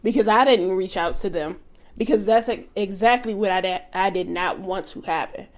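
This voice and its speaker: A woman's voice: medium pitch, moderate pace. A woman co-hosting a casual podcast with her husband, giving short, blunt replies and telling stories plainly. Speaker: podcast co-host. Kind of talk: casual chat.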